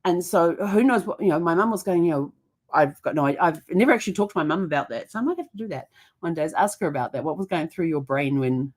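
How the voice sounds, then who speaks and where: A chatty middle-aged woman, rambling through a personal story on her vlog. Her voice sits fairly low, and she laughs often and acts out the voices of the people she quotes. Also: animated, fast, a little mellow. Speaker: host.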